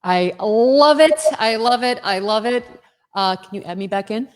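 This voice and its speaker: A woman's voice: mid-range voice, steady tone, moderate pace. Enthusiastic woman hosting over a video call. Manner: enthusiastic, repeats phrases. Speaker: host. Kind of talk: livestream interview.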